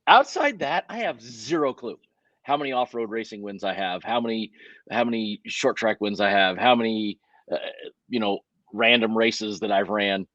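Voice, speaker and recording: A man, a racing driver, telling stories in a casual interview, talking in an animated way with lots of restarts and self-corrections. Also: on the low side, moderate pace, no room sound, lo-fi sound.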